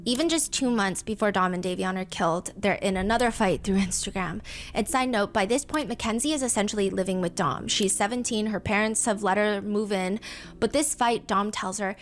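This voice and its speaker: A woman's voice: mid-range voice, a little fast, soft background music. A woman telling a true crime story in a casual, emphatic way, full of asides. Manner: chatty, emphatic, many asides.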